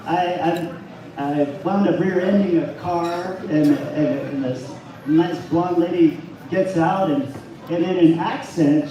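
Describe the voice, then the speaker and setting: A man doing a halting, self-deprecating stand-up set at an open mic in a bar. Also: on the high side, dark tone. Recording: echoey venue from far off, noisy.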